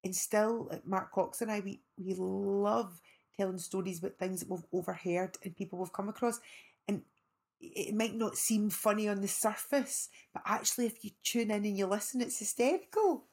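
A woman's voice: mid-range voice, moderate pace. A middle-aged Scottish woman, an actress guest, telling rambling anecdotes in casual chat. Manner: animated, rambling anecdotes with restarts.

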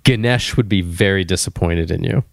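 A man's voice: sits low, moderate pace, creaky, dry recording, clean studio sound. A man putting on an Indian accent to play a mock-stern scolding man.

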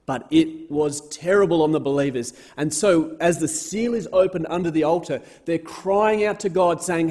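A man's voice: fairly high pitch, normal speed, few pauses, a little mellow. A man giving an earnest Bible talk as a sermon, repeating words for emphasis and raising his voice when reading scripture. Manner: reads scripture aloud with rising force.

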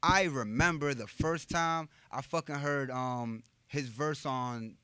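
A man co-hosting a podcast, telling stories in a mellow, reflective way. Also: mid-range voice, takes it slowly, clean tone, dry recording. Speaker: podcast co-host. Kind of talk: casual podcast banter.

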